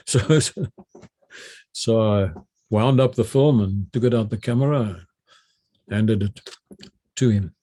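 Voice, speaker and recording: Husky older South African man reminiscing. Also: lowish voice, slow, pauses often. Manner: animated retelling, many restarts and repeated words. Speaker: retired army general, interview guest. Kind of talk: anecdotal storytelling.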